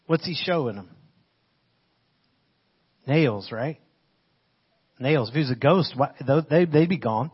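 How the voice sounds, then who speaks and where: A man giving a casual, animated sermon, retelling a scripture passage in everyday slang. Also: sits high, moderate pace, slightly rough. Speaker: preacher. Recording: muffled lo-fi audio.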